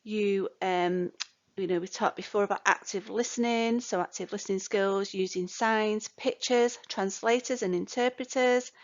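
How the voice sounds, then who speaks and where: A woman's voice: mid-range voice, fairly even intonation, moderate pace. An older woman teaching a care course in a recorded lecture, chatty, with many fillers and "you know" asides. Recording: dull lo-fi recording.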